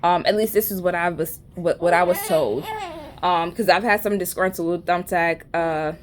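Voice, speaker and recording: A woman's voice: on the low side, fairly even intonation, moderate pace, crowd noise. A woman with a New York accent telling a rambling, slangy, joking story in a casual vlog. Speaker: vlogger.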